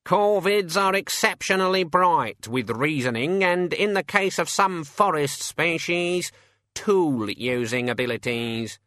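A man's voice: a little high, animated, a little slow, a bit bright, no room sound, voice pushed up. A man voicing a cheeky, defiant male raven who argues and boasts. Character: cocky, argumentative male talking raven.

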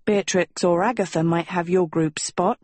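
A woman's voice: fairly low pitch, steady tone, moderate pace, darkish tone, no echo, close to an everyday voice. A woman voicing a stern, slangy schoolboy who teases his friend bluntly. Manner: blunt, mocking. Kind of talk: audiobook character voice.

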